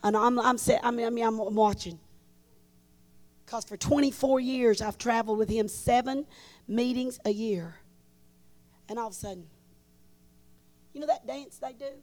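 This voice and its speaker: A woman telling stories in a sermon at a conference, shifting between loud bursts and hushed asides. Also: fairly high pitch, moderate pace, long pauses. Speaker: conference speaker. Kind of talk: storytelling sermon. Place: large conference hall.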